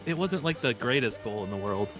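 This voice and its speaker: A man's voice: mid-range voice, expressive, fairly quick, a bit bright, faint music behind. Wry man teasing on a sports podcast. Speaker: podcast co-host. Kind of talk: casual sports chat.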